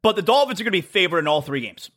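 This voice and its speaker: Emphatic, high-pitched sports talk host. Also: male voice, sing-song, rapid-fire, fairly bright tone. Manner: emphatic, repetitive, blunt and mocking. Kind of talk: opinionated sports talk monologue.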